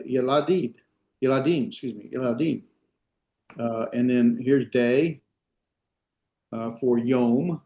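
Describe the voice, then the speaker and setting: Mellow-voiced man lecturing a class. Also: medium pitch. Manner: unhurried, many fillers and restarts, explains step by step. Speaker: Hebrew instructor. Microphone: video call.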